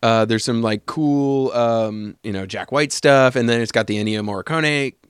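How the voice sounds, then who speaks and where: A man's voice: mid-range voice, normal speed, clean tone, dry recording, studio quality. A man co-hosting a podcast from a home attic, chatting casually, rambling off on tangents and laughing often. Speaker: podcast co-host. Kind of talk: casual chat.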